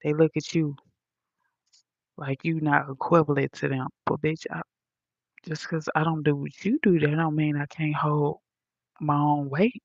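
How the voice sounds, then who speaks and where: A woman ranting bluntly and profanely to her viewers, talking softly into a headphone mic at home in a condo. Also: low-pitched, fairly even intonation, unhurried, long pauses, dry recording, muffled recording. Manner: blunt, profane, soft-spoken. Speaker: vlogger. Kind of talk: casual rant to viewers. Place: high-rise condo.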